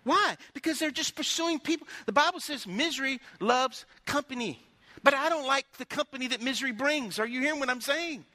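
Middle-aged man preaching, folksy pastor telling stories, real high bright voice, dry sound. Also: fairly quick, no room sound. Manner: folksy, storytelling preacher calling out to the congregation. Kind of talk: sermon.

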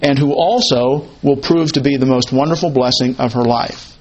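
Guy teaching a bible sermon, mid-pitched voice, says the key bits twice, asks himself questions and answers. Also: moderate pace, dull audio, a little hiss or hum. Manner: repeats key phrases for emphasis. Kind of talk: expository sermon.

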